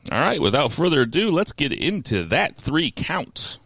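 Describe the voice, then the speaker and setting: A man's voice: on the high side, big pitch swings, normal speed, fairly bright tone, slight background noise. A man hosting a podcast, laid-back and loose, laughing easily as he chats with his co-hosts. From St. Louis area. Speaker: podcast host. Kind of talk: casual podcast chat.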